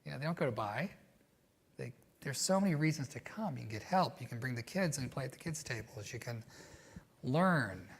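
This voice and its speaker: A man in a conversational interview, mid-pitched and easygoing. He tells his stories in a reflective way, sometimes animated, and drops frequent "you know" fillers as he thinks aloud. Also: moderate pace, gravelly, breathy edge. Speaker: guest.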